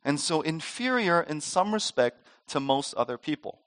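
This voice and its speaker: Lively, high-voiced man preaching. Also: moderate pace. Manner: animated storytelling, acts out voices in a joke. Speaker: pastor. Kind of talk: sermon.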